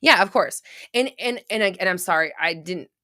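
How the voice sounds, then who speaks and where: A woman's voice: lowish voice, lively intonation, normal speed, bright, forceful tone. A woman hosting a livestream who answers chat questions, talking bluntly with swearing, restarts and rambling asides. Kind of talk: casual livestream advice talk.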